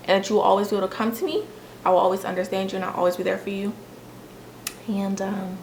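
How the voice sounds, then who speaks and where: A woman's voice: medium pitch, a bit bright, roomy sound, slight background noise. A young woman and mother talking candidly in a confessional vlog, emotional and rambling with lots of fillers.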